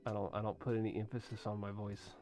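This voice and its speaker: A young man with a lowish, darkish voice talks fast and flat during a livestream, faint music playing behind him. He chats casually and ramblingly with viewers, reading their usernames aloud.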